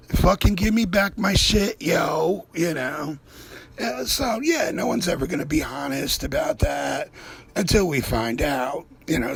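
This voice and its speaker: A man's voice: on the high side, vocal fry, husky. A man hosting a show, rambling through a profane, conspiratorial comedic monologue. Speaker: host.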